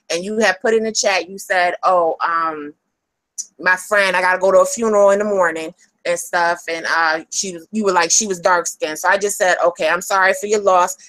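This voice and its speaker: Angry woman streamer calling out critics; heated and profane, mid-pitched, dry close mic. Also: fairly bright tone, dry recording, low-quality recording. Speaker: livestreamer addressing critics. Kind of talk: angry livestream rant.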